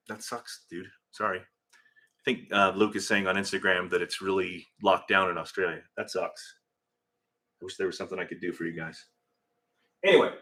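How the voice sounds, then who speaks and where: Middle-aged male livestream host, rambling and chatty, reads comments as he goes; low-set voice, bright and tense edge. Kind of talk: casual livestream chat. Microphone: phone camera.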